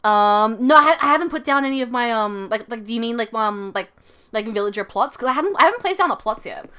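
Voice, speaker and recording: A woman's voice: a little high, animated, quick pace, sharp tone, clean tone. Chatty woman game streamer. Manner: rambling, many fillers and restarts. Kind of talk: casual live-stream chat.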